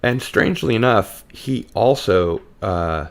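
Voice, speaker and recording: This podcast host has a fairly low voice and a measured pace. He keeps the chat casual and relaxed, pausing with plenty of ums as he reads out comments from viewers.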